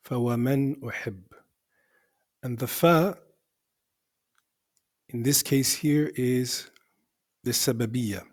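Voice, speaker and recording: A male teacher explaining the grammar of an Arabic poem line by line, in a methodical way that repeats and rephrases for emphasis. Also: medium pitch.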